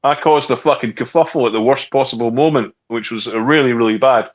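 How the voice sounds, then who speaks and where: A middle-aged Scottish man swapping stories on a podcast, sweary and animated in his telling. His voice comes through slightly dull and lo-fi, as if the recording lost its top end. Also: mid-range voice, brisk. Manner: swears freely, animated storyteller. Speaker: guest. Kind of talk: casual chat.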